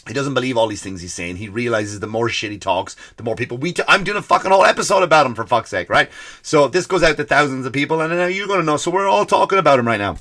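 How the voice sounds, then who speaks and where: A man with an accent that drifts between Irish and American rants through a comedy podcast monologue. He swears freely and sounds exasperated, with a bright, forceful edge to his voice. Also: mid-range voice, fast talker. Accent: mixed Irish and American. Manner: profane, animated, exasperated ranting.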